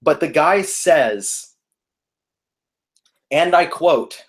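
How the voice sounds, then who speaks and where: A young man telling a story in casual chat, animated and laughing, acting out the people in it. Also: fairly high pitch, moderate pace. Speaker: podcast guest telling a story.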